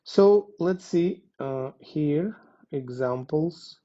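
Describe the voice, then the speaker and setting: A man gives a language lesson at a very unhurried pace, with a mellow, dark tone. He pauses often and fills gaps with little hesitations. The recording sounds dull and lo-fi. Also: fairly high pitch. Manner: deliberate, pausing with many fillers. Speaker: language teacher. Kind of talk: slow explanatory lesson.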